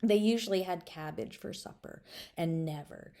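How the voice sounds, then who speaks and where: A woman's voice: on the low side, normal speed, gravelly, warm tone. A woman reading her own children's story aloud, playfully speaking straight to the listener and dropping to whispers.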